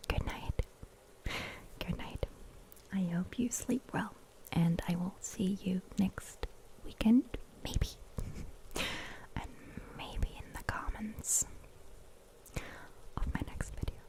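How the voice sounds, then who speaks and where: A woman's voice: medium pitch, takes it slowly, long pauses, dark tone. A German woman whose first language is German, hosting a rambling, giggly whispered ASMR chat. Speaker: ASMR host.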